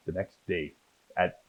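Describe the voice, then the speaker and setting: A man telling lively stories about his acting career in a casual interview, acting out the people in them. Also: slow. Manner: animated storyteller, acts out voices in his anecdotes. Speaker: guest, actor. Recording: dull lo-fi sound.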